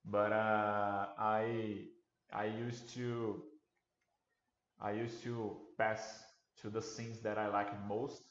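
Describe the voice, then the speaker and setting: Halting man, low voice. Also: level tone. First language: Portuguese. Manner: halting, many restarts and fillers. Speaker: livestream host. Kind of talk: casual livestream chat. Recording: roomy, dull lo-fi sound.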